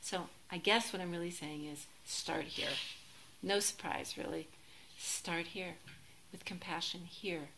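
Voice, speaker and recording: A woman teaching as a Zen teacher in a relaxed, reflective dharma talk, gently self-deprecating and sometimes laughing. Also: lowish voice, measured pace, a little hiss or hum, low-quality recording.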